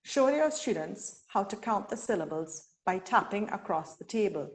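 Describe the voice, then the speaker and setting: A woman from Trinidad and Tobago leading a teacher-training webinar, speaking deliberately and sounding out syllables slowly. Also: medium pitch, lively intonation. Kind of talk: instructional webinar talk.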